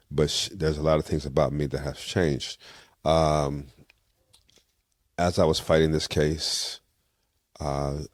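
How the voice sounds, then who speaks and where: Older male interview guest with a very deep voice, recorded dry; tells stories with lively acted-out dialogue. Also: no echo. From California. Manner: lively storyteller, acts out quoted dialogue. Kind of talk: casual storytelling interview.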